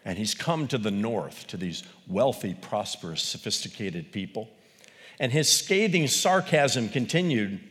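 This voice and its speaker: Animated male preacher in a reverberant hall. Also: mid-range voice. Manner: animated preaching with sudden loud peaks and quiet asides. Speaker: pastor. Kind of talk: sermon.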